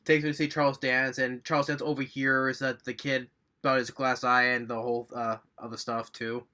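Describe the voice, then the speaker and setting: A man's voice: medium pitch, flat delivery, fairly quick, sharp tone. A man giving a casual, rambling movie review, recapping scenes with enthusiasm and little chuckles.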